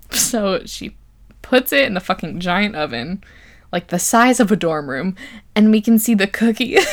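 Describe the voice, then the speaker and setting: Young woman, casual podcast host, sarcastic and giggly, swears a lot, average pitch. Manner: sarcastic, laughs often, swears freely. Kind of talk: casual movie recap.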